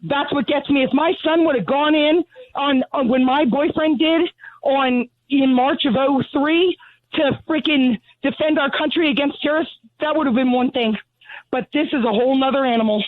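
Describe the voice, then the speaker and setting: A woman's voice: high-pitched, moderate pace, dry recording. A grieving, angry mother on a phone call, talking bluntly and out of breath from pacing. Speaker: caller. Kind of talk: phone interview. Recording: tinny phone line.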